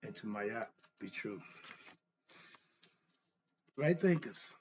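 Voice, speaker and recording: A man with a fairly low, expressive voice speaks slowly, his tone a little mellow, on a muffled recording with a touch of hiss or hum. He hosts a philosophy monologue on self-knowledge, preaching bluntly and repetitively, posing rhetorical questions to himself and answering them with an annoyed edge.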